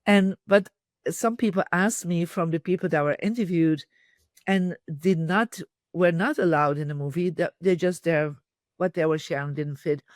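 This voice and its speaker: A woman guest in a podcast interview, telling lively stories and acting out quoted dialogue. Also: on the low side, normal speed, no room sound, studio quality. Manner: animated storyteller, quotes dialogue. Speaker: podcast guest, feng shui teacher. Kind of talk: casual interview storytelling.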